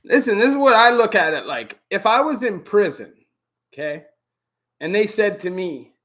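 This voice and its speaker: A middle-aged Canadian man with a Canadian accent hosting a relaxed live Q&A stream, greeting viewers by name and filling gaps with "you know". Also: high-pitched, normal speed. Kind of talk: casual live-stream chat. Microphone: camera on a stand.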